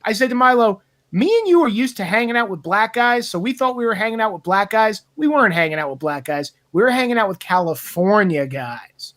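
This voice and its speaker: A man's voice: high voice, expressive, brisk, few pauses, a bit bright. A man telling rambling, profane stories in a casual podcast chat. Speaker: podcast co-host.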